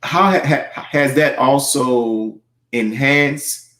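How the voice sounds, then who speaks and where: A man hosting a one-on-one interview, asking long, halting questions and giving soft backchannel sounds while the guest speaks. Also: medium pitch, reverberant. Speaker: interview host.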